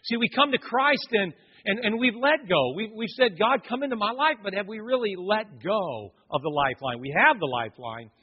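A pastor with a high, slightly breathy voice preaches at a normal pace, animatedly telling a personal story and acting out the voices of the other people in it. The audio is dull and lo-fi, recorded in a hall with long reverb.

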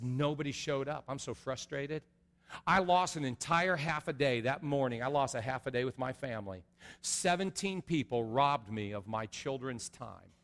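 A middle-aged man preaching an earnest sermon as a pastor, going from soft and low to loud and high. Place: large church sanctuary. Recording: long reverb of a large hall.

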